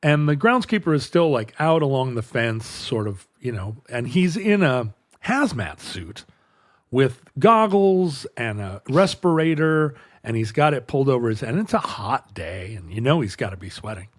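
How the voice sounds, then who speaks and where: A middle-aged man tells a long story in a relaxed, conversational way, with a voice of ordinary pitch. He often stops and restarts his sentences and acts out what people said. The recording is dry and close, with no room sound. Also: normal speed, no room sound. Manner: rambling, self-interrupting anecdote with quoted dialogue. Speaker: podcast host. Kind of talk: storytelling in casual chat.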